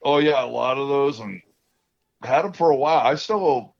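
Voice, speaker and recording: A man's voice: medium pitch, normal speed, gravelly. A man telling rambling stories in casual podcast chat, laughing often. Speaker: podcast co-host. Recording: dull lo-fi sound.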